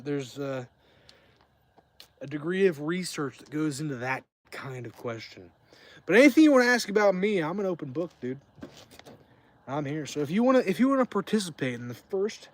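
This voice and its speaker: A tipsy man chats live from beside an outdoor campfire, wandering from tangent to tangent with plenty of swearing. His voice sits a little high for a man, loose and unhurried in its drift. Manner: rambling and profane. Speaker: streamer. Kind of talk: casual livestream chat.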